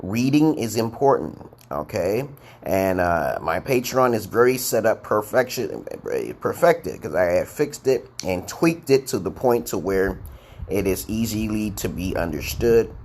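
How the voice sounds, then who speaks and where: A man's voice: fairly low pitch, animated, unhurried, a little mellow, a little hiss or hum. A man teaching English on a live stream, reading out viewers' comments in a playful, boastful way. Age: adult. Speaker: online English tutor.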